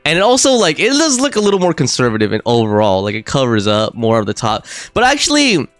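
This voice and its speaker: A man's voice: mid-range voice, huge pitch swings, fast talker, no echo, faint music behind. A man streaming a game live, chatting casually and rambling with lots of fillers and frequent laughs. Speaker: gaming streamer. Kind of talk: casual live gameplay commentary.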